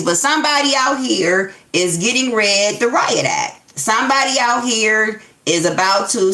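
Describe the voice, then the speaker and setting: A woman reads tarot in loose, frank talk, swearing freely and slipping into sharp imagined arguments. Her voice is bright and a little high, and it rings in an echoey room. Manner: blunt, profane, acts out heated quotes. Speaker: tarot reader. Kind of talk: casual tarot reading monologue.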